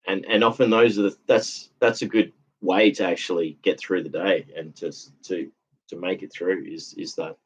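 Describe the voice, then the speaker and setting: A tired man hosting a casual livestream, reading chat comments with many fillers, restarts and laughs. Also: fairly low pitch. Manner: rambling, halting, lots of fillers and restarts, laughs often. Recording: dull lo-fi sound.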